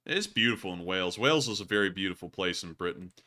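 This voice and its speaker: Deep-voiced yet pushed and bright, a male live stream host talks fast and expressively as he answers viewer messages. The talk is rambling and filler-heavy, with sign-offs repeated several times.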